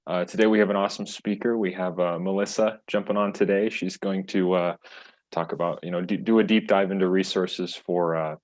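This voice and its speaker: Deep-voiced man hosting a web show. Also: brisk. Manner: relaxed, filler-heavy. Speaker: host. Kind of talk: show introduction. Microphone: video call.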